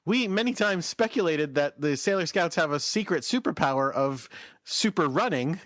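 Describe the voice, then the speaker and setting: A man's voice: fairly high pitch, animated, moderate pace, fairly bright tone, no echo, clean studio sound. A man co-hosting a podcast in casual chat, recapping an episode in a rambling, self-correcting way. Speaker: podcast co-host.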